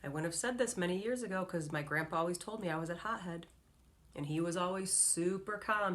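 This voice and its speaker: A middle-aged woman vlogs straight to the camera, giving her viewers an earnest, encouraging pep talk. Her voice sits fairly low but sounds bright, forceful and tense. She coaches steadily in a direct, upbeat way. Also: fast. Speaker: motivational speaker and vlog host. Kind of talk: direct-to-camera motivational vlog.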